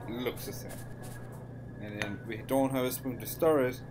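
A man's voice: mid-range voice, fairly even intonation, normal speed, background noise. An Irish man giving casual, jokey gameplay commentary with mock-bossy banter. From Ireland. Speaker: gaming YouTuber.

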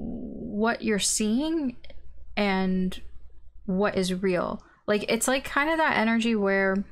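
A woman giving a casual tarot reading, thinking aloud with lots of ums and maybes, blunt and informal. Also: mid-range voice. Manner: blunt and informal, with mild swearing. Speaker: tarot reader.

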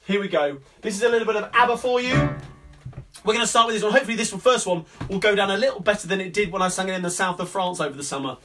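A man from Coventry hosting a live sing-along stream from home, chatting quickly between songs with lots of fillers. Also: sits high, slight background noise. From England (Coventry). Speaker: sing-along host and singer. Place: at home during lockdown. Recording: distant mic, loud backing music.

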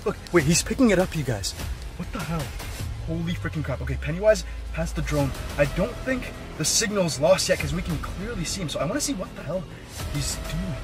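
A young man vlogging in excited live commentary, constantly exclaiming and talking straight to his viewers. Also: a little high, a little fast, over music.

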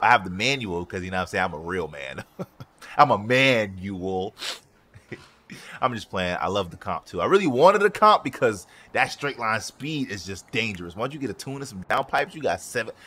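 A man's voice: medium pitch, a bit bright, a little hiss or hum. A young man hosting a casual gaming vlog at his home racing simulator, talking in a hyped, joking, profane way. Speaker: sim racing YouTuber. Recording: music and game car sounds behind.

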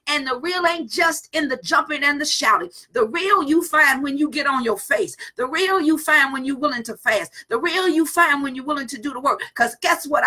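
Bright-voiced woman preacher, fervent prayer. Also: high voice. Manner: fervent, rhythmic repetition with bursts of tongues; informal everyday phrasing. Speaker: pastor.

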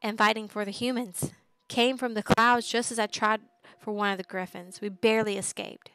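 A woman voicing a wounded, defeated male orc dragon rider who bellows his lines loudly in a storybook reading. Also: mid-range voice, level tone, moderate pace, clear, resonant tone, dry recording, natural voice. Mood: bellowing despair. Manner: loud, bellowing.

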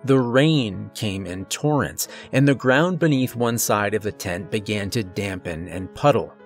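A man narrating a horror story in a measured, scripted storytelling delivery. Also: fairly low pitch, soft background music.

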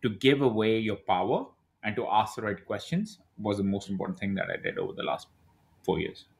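A man's voice: fairly low pitch, brisk, gravelly. A man in his thirties telling stories as a podcast guest, acting out what other people said. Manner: animated storyteller who acts out quoted dialogue. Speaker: podcast guest, e-commerce brand owner. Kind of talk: casual interview talk.

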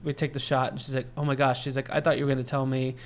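A man co-hosting a podcast and telling a personal story at length in easy, casual chat. His voice sits at an ordinary pitch for a man. He acts out the voices of the people he quotes. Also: flat delivery, racing. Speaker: podcast co-host.

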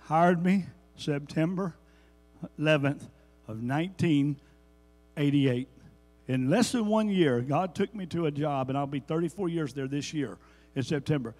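A man's voice: fairly high pitch, unhurried, a little mellow. A man giving a folksy, fervent church testimony. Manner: folksy storytelling, builds to fervent emphasis. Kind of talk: sermon testimony. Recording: reverberant church hall.

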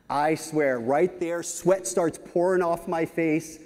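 A man in his fifties giving a conference talk, telling lively anecdotes with frequent "right?" asides. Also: fairly high pitch, a little slow, few pauses. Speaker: keynote speaker. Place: large conference hall stage. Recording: reverberant conference hall.

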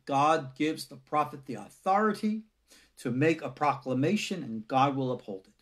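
A man lecturing as a rabbi in a loose, conversational way, putting rhetorical questions to his listeners. His pitch swings widely as he acts out quoted lines, and now and then he sinks to a near-whisper. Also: breathy edge. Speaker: rabbi teaching a lesson.

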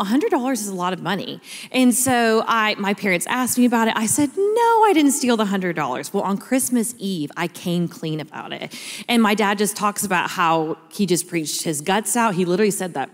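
A woman, preaching a sermon and telling stories in a chatty way. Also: medium pitch. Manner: chatty storyteller, addresses the congregation as y'all. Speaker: pastor. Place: large church auditorium. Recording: long church hall reverb.

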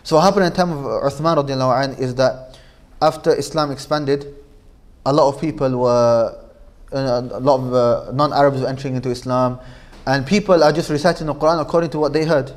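A man's voice: mid-range voice, fairly even intonation, brisk. Manchester man teaching a class. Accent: Manchester English. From Manchester, England. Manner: conversational, repeats points, checks in with the class. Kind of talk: informal classroom lesson.

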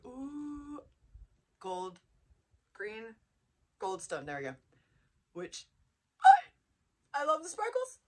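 Bubbly, gushing woman unboxing gifts. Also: lowish voice. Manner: bubbly, gushing, easily excited. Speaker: vlogger. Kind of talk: casual unboxing chat.

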